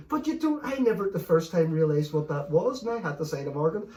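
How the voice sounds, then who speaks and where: A man, telling stories in a sweary, animated late-night chat, laughing as he goes. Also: fairly high pitch, fairly quick, hardly any pauses, far from the mic. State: a bit stoned. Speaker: podcast host.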